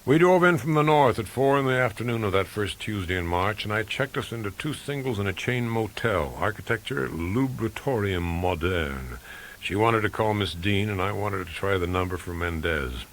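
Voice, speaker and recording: Low-voiced man reading a novel. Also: a bit bright. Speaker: audiobook reader. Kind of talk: first-person novel narration. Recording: faint tape hiss.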